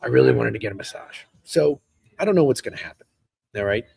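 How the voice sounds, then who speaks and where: A man's voice: medium pitch, animated, fast talker, vocal fry, a little mellow, husky, no room sound. A man in his thirties, hosting a live stream in casual chat, rambling and profane and answering chat as he goes. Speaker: streamer host. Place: hotel room.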